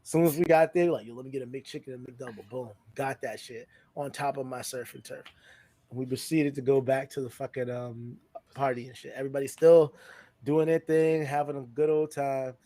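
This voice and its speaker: A mellow, mid-range male voice, steady and fairly quick, belongs to a podcast co-host. In a casual story about a party, he swears without restraint and mimics the people he quotes with large jumps in his voice.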